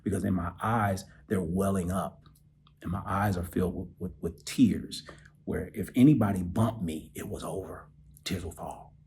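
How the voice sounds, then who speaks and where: Deep-voiced man telling an emotional story. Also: moderate pace, a little hiss or hum. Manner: animated, emotional, drops to soft near-whispers. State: choked up, close to tears. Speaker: podcast host. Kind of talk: personal storytelling.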